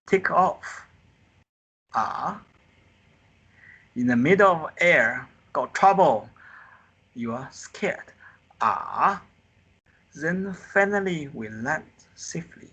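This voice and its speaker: A man teaches a beginner Mandarin class live over a video call, speaking slowly in simple non-native English. His voice is bright and a little husky, and he acts out the tones with long, animated sighs. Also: fairly high pitch. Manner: animated, drawn-out sighs acting out the four tones. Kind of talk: live online group lesson. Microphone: computer mic on a video call.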